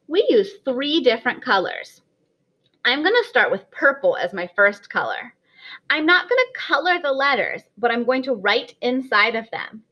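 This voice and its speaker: A woman teaching a kindergarten writing lesson in a sing-song, encouraging voice for small children. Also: a little high. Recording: slightly dull lo-fi audio.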